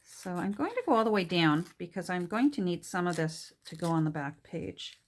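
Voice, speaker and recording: A woman's voice: fairly low pitch, expressive, moderate pace. A woman from Canada with a Canadian accent, chatting casually and musing aloud to herself while she works on a craft project. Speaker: junk journal crafter.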